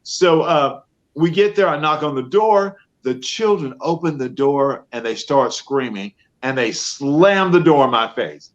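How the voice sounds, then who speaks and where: A man tells an animated story over a video call. The sound is a little dull and muffled. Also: fairly high pitch, moderate pace. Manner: animated storyteller acting out quotes. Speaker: professional Santa guest. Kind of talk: storytelling interview answers. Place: home studio.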